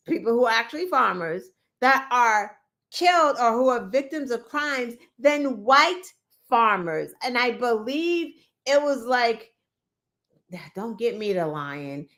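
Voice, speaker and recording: Woman host, opinionated commentary, unhurried delivery, a touch high, mock-quotes people. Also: fairly bright tone. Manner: opinionated, sarcastic, mimics people she talks about. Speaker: podcast host. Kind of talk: casual political commentary.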